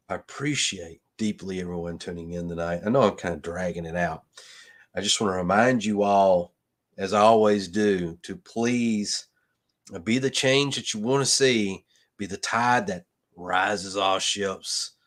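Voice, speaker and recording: A man hosting a late-night live stream in a low-pitched voice, rambling through thoughts with frequent restarts and fillers. He turns earnest and encouraging as he signs off. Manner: earnest, motivational sign-offs. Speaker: livestream host. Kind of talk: casual livestream chat.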